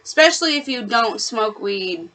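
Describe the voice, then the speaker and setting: A woman's voice: fairly high pitch, expressive, moderate pace, a bit bright, a little hiss or hum. A woman chiming into a casual chat with short remarks.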